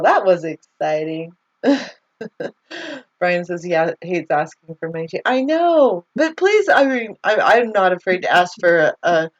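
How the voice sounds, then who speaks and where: Chatty woman rambling on a muffled call. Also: lowish voice. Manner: chatty and rambling, laughs often. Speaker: livestream host. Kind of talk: casual live chat, reading viewer comments aloud. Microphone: video call. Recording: slightly muffled video call audio.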